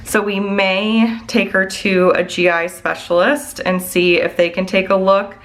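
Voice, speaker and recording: A woman's voice: medium pitch, fairly even intonation, unhurried, a bit bright. A woman vlogger and mom chatting casually to her viewers. She rambles candidly and sounds worried, filling her talk with "like" and "I don't know.".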